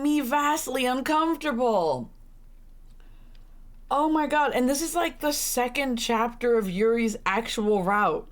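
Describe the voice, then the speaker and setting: Her voice is high-pitched and animated, if a little slow, as this young woman streams a visual novel. She reads the dialogue and responds with exasperated sarcasm and plenty of cursing.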